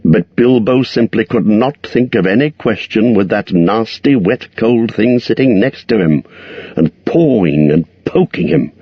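A man narrating a storybook in a measured, expressive reading. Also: on the low side, husky, dry recording, dull audio. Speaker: audiobook narrator.

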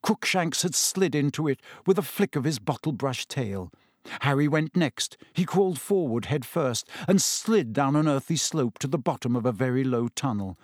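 Guy narrating an audiobook, measured and tense, mid voice, super dry recording. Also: mid-range voice, lively intonation, no echo. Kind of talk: scripted narration.

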